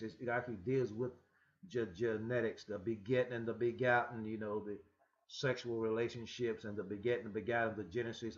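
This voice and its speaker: Guy preaching scripture, rambly, stammers and restarts, muffled lo-fi audio. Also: medium pitch. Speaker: religious teacher.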